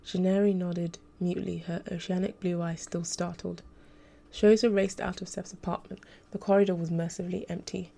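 A woman narrating an audiobook extract in a steady, measured reading style. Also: lowish voice, vocal fry.

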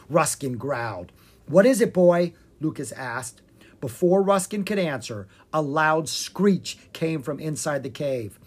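A narrator reading a children's chapter book aloud with expressive storytelling. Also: husky. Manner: expressive storytelling, dropping low on tags. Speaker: audiobook narrator.

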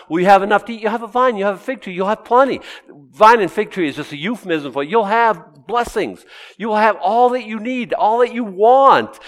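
Emphatic male preacher, fairly high voice. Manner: emphatic, swings from loud exclamations to quiet wry asides. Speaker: pastor. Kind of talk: sermon.

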